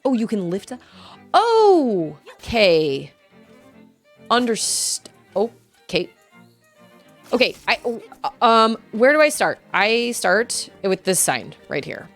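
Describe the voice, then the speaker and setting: A woman's voice: fairly high pitch, slow, long pauses, faint music behind. A young woman streaming a game, chatting casually with viewers and often laughing and squealing. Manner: chatty, giggly, squeals excitedly at game moments. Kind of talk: casual gameplay chat with viewers.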